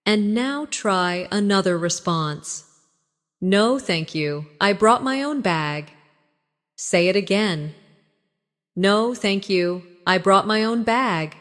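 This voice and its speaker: A woman leading a scripted English lesson, speaking slowly and clearly so listeners can repeat after her. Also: medium pitch, long reverb tail. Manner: slow, measured, clearly enunciated. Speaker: English teacher.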